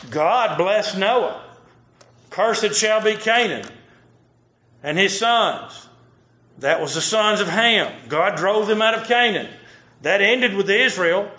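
A man's voice: sits high, a bit bright. A man preaching a sermon. He reads old scripture aloud and stops to comment on it. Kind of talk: sermon with Bible reading. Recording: roomy echo.

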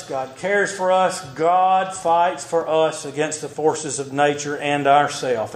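Male preacher, slightly high voice, sermon mixing scripture reading with commentary. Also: a little slow. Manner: reads old scripture aloud and stops to comment on it. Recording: roomy echo.

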